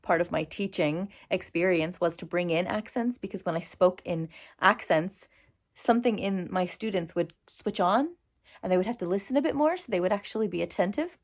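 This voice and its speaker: A woman's voice: fairly low pitch, normal speed. A woman in her forties with an American accent, chatting casually in a vlog and laughing often. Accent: American, New Jersey. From United States. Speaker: vlogger.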